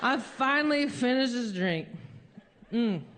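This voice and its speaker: Slow, drawling stand-up comedian woman. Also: slight background noise. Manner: animated, acts out quotes with big pitch jumps. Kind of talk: stand-up storytelling.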